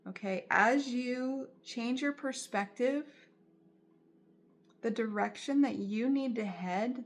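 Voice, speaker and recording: A woman's voice: mid-range voice, darkish tone. A woman giving a tarot reading straight to her viewers, in a soothing, reassuring way and often repeating her phrases. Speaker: tarot reader.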